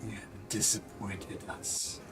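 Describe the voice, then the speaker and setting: A man voicing a sinister male captor who makes slow, hushed threats. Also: fairly low pitch, flat delivery, music in the background, voice pushed down. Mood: menacing.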